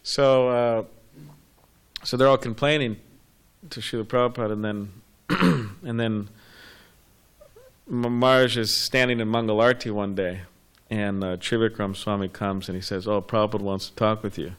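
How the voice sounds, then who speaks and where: A man's voice: on the low side, fairly even intonation, normal speed, clear, resonant tone. A man in a class, telling a story casually and rambling with fillers and restarts. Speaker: class participant.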